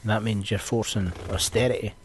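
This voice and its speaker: A man's voice: lowish voice, normal speed, a little hiss or hum. A young Scottish man, a podcast host, chatting casually and ranting with plenty of swearing. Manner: sweary, ranting, animated storytelling.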